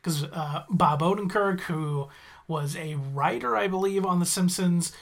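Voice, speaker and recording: A man's voice: high-pitched, unhurried, gravelly. Rambling man recapping an episode. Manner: rambling, goes off on tangents, self-correcting. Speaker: podcast host recapping a cartoon episode. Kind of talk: casual chat.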